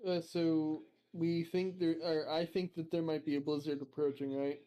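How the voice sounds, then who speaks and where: Fairly high in pitch yet flat and mellow, this player's voice moves at a normal speed. He's a man in a casual tabletop game, hesitant and filler-heavy, often restarting and quick to laugh.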